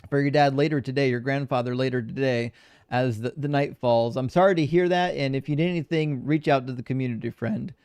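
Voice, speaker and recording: A man's voice: mid-range voice, a little fast, a little mellow, clean tone, no echo. A man hosting a live debate stream, chatting casually and reading viewer messages aloud while calling the audience friends.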